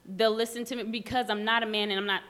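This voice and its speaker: A woman's voice: a little high, fast. A woman in casual conversation, telling stories animatedly and acting out the voices of people she quotes. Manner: animated storyteller who acts out quoted voices. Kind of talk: casual chat.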